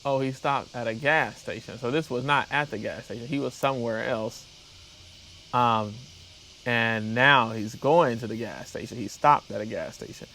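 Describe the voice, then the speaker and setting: A man's voice: medium pitch, normal speed, creaky, bright, forceful tone, slight background noise. A man hosting a reaction show, summing up events plainly and reacting with disbelief in casual commentary.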